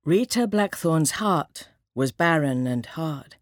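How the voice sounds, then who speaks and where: A woman narrating an audiobook in a measured, dramatic reading. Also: deep voice, animated, no room sound, studio quality.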